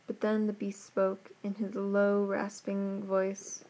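A woman reading a fairy tale aloud in a soft, gently expressive narrating voice. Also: mid-range voice, takes it slowly. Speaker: storyteller. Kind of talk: storybook read-aloud narration.

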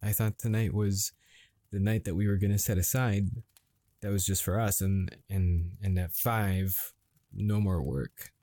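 An actor playing a frustrated husband confronting his wife at dinner, halting and swearing as he grows angrier. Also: deep voice, steady tone, dry recording. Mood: pleading. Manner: halting, swearing, escalating to yelling. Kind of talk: improvised dramatic monologue.

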